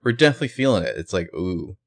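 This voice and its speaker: A man co-hosting a podcast, recapping a show casually with quick, wry asides. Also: low voice, big pitch swings. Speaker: podcast co-host.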